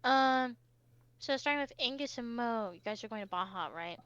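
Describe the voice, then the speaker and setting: A woman narrating as game master of a tabletop game, with lots of fillers and hesitant pauses. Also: fairly high pitch, animated, a bit bright, clean tone, no echo, highs cut off.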